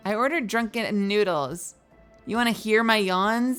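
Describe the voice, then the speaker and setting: Faint music runs behind a sleepy young streamer as she chats with viewers, reads their messages aloud, yawns, and curses now and then. Her voice is mid-range and fairly bright, delivered at a measured pace.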